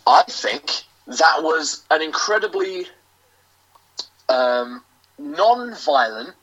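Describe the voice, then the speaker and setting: A British man, a professional wrestler, delivering a grandiose, self-aggrandizing in-character promo with theatrical pauses. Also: fairly high pitch, lively intonation, pushed and bright. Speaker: professional wrestler, interview guest. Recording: lo-fi dull audio.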